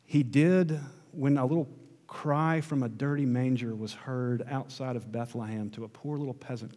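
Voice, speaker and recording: A man preaching an Advent sermon, slow and emphatic, dropping to a hush on key words. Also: medium pitch. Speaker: pastor. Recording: long hall reverb.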